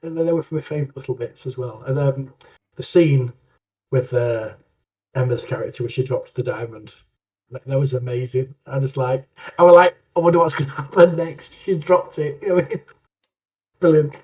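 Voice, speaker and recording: A man chatting softly as a tabletop game player, hesitant and full of fillers. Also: medium pitch, normal speed. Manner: soft, hesitant, many fillers. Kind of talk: casual chat. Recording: distant, dull lo-fi mic.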